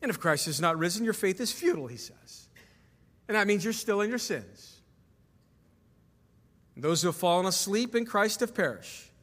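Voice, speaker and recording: A man's voice: fairly high pitch, a bit bright, in a large hall. A man preaching a sermon as pastor to his congregation, emphatic, asking the room questions. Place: church sanctuary.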